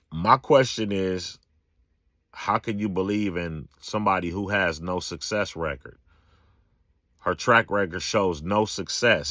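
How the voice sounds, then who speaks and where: A man's voice: fairly low pitch, a bit bright, no echo. A man, giving a casual, emphatic political rant full of slang and repetition. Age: 40s. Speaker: political commentator.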